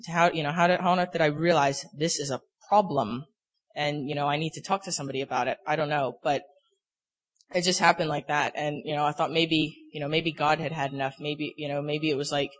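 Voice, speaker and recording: A young man giving a personal faith testimony, earnest and halting, with many filler words. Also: on the high side, steady tone, fairly bright tone. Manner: earnest, halting, full of "you know" fillers. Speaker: speaker sharing a personal testimony.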